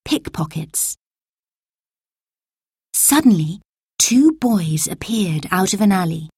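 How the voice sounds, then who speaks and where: Slow, breathy woman reading a storybook. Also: medium pitch, dry recording, studio quality. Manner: slow, clear and expressive. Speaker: narrator.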